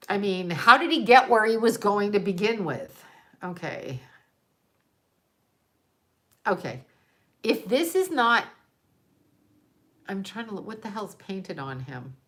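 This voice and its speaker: A woman livestreaming a rambling casual monologue to her viewers, exasperated and profane, trailing off into rhetorical questions and laughing in disbelief. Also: medium pitch. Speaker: livestream host talking to viewers.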